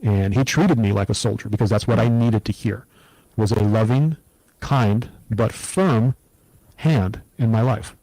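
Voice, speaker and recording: A middle-aged man speaks in an earnest, reflective way, recounting hard times as an interview guest. His voice is dark and mellow, recorded close and dry with no room sound. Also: fairly low pitch, measured pace, dry recording, poor audio. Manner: earnest, reflective, steady storytelling. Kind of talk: personal testimony in an interview.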